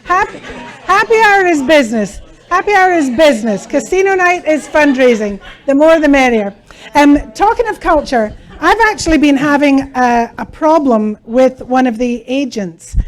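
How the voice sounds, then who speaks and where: Woman, scottish accent, high-pitched, playful, joking, office meeting. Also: expressive, moderate pace. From Scotland. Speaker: co-host of an office team meeting. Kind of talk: casual office meeting chat.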